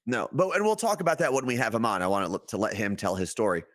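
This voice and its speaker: A man's voice: lowish voice, fast talker. A middle-aged man from New Jersey with a New Jersey accent, co-hosting a casual podcast chat and acting out quotes as he tells stories. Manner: animated storytelling, acts out quotes. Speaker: podcast co-host.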